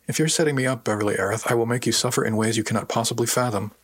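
A man voicing a prickly, sharp-tongued young woman with a lifted, pointed delivery. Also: mid-range voice, a little fast, breathy edge, lightly acted. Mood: wary. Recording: dry close recording.

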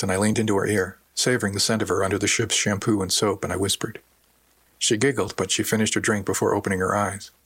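A man's voice: lowish voice, fairly bright tone, slightly rough. A man narrating a story in the first person with dry, wry storytelling. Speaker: audiobook narrator. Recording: dry close recording.

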